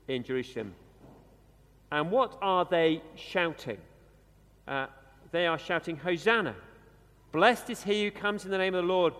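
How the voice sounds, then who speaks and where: Animated preacher in a reverberant church. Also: male voice, high voice. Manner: conversational, animated, with dramatic pauses and slowed emphasis. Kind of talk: sermon. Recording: long reverb of a church hall.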